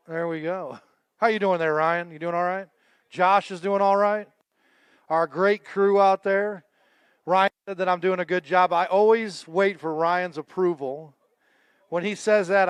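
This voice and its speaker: A man's voice: high voice, a bit bright, clear, resonant tone, dry recording. A man emceeing a fishing tournament weigh-in live, chatting and joking with the anglers and crew. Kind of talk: live event emceeing with casual banter.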